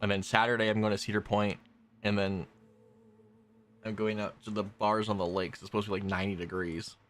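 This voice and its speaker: Talking to chat while he plays, a young adult streamer rambles casually in a low-leaning, level voice at a slightly fast clip. A little hiss or hum sits under the recording.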